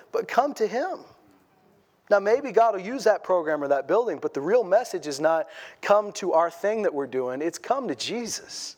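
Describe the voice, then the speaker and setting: A man delivers a sermon in a conversational way, often repeating a word before pressing on. His voice sits high for a man. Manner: conversational, repeats words while building a point. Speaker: pastor.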